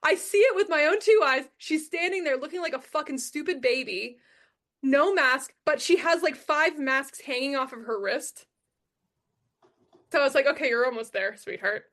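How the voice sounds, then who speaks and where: Speaking at a moderate pace, this high-voiced young woman shares her story on a podcast in a fairly bright tone. Her delivery is blunt and forceful in emphasis, with plenty of swearing and repetition of the lines she cares about.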